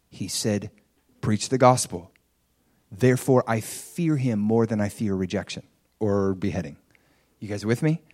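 A man's voice: mid-range voice, darkish tone. A middle-aged man preaching a sermon, telling a personal story and acting out his own thoughts with energy.

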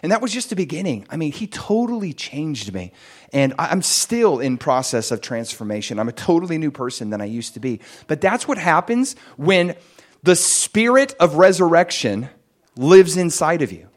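Animated man preaching. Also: moderate pace. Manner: animated storytelling, jumps much higher and louder in excited moments. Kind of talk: sermon with personal testimony.

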